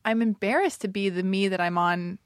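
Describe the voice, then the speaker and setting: A woman's voice: mid-range voice, a little fast, dry recording, clean studio sound. A young woman hosting her own podcast, chatting playfully and teasing her guest. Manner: playful, teasing, dissolves into laughter. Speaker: podcast host. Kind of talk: casual chat.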